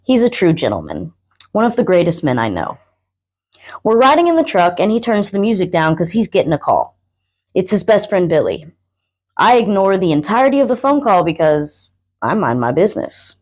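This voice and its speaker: A woman's voice: fairly low pitch, very animated, normal speed, a little mellow. A young adult woman and guest poet, performing a spoken word piece with a rhythmic, rhyming delivery.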